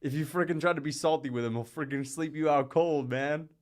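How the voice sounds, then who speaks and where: A man's voice: a little high, fairly even intonation, a little fast. A man streaming live, rambling in casual chat, joking and often laughing, slipping into mocking impressions. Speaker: livestreamer. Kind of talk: casual livestream rant.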